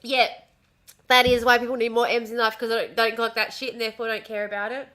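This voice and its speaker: A woman's voice: fairly high pitch, little pitch movement, fast, pushed and bright. A woman with an Australian accent, chatting casually on a home stream and swearing freely as she talks with a smile. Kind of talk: casual livestream chat. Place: home room. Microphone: desk mic at home.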